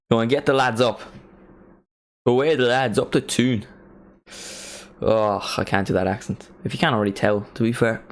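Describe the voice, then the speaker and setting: A young man casually commentating a live football watchalong, chatting and bursting into excited reactions. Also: medium pitch, creaky. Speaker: streamer hosting a match watchalong.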